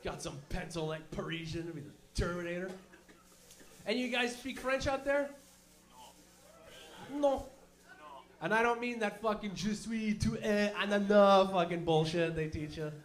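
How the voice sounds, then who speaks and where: Young man, stand-up comedy, high-pitched, profane and animated. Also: normal speed, pauses often. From Canada. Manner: profane, animated storytelling with mock voices.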